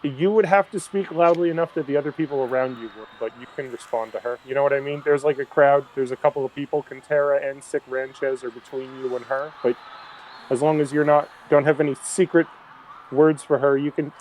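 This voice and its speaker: A man narrating a tabletop role-playing game as game master, in a relaxed, rambling way full of fillers. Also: medium pitch, a little fast, slight background noise, poor audio. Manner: relaxed, filler-heavy storytelling.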